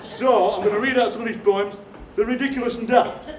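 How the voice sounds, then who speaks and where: A middle-aged man with a Barnsley Yorkshire accent telling quick, jokey stories to a live audience as a performance poet. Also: very high-pitched, steady tone. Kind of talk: comic storytelling on stage. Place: theatre stage before a live audience. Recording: roomy, distant theatre recording with noise.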